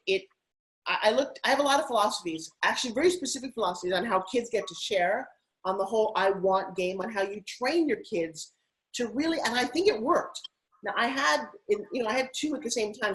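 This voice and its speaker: A middle-aged woman guest telling stories in an interview, animated and putting on voices now and then. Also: mid-range voice, poor audio. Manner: animated, acts out her kids' voices. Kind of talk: interview storytelling.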